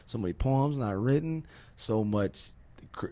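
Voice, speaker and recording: A man's voice: fairly low pitch, expressive, a little slow, pauses often, darkish tone. A man from Virginia hosting a podcast, talking emphatically in a rambling way, swearing and asking rhetorical questions. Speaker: podcast host. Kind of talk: casual podcast conversation.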